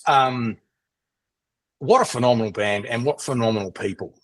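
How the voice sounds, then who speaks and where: A man, a guest musician on a podcast, telling animated stories in casual chat and swearing freely. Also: medium pitch, normal speed, poor audio.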